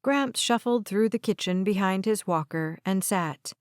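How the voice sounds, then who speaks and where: A woman's voice: medium pitch, measured pace, no echo. Woman narrating an audiobook, dry.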